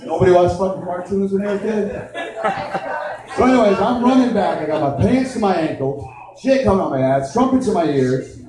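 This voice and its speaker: A man's voice: high-pitched, lively intonation, fairly quick. A man doing crude, rowdy stand-up comedy at a live show. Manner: crude, rowdy joke delivery. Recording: echoey live venue from far off with crowd.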